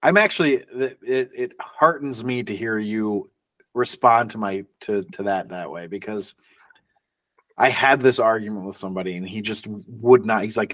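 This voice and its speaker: A man's voice: lowish voice, normal speed, a bit bright, no echo, recorded from a distance. A man co-hosting a podcast in casual chat, emphatic and swearing for emphasis. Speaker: podcast co-host.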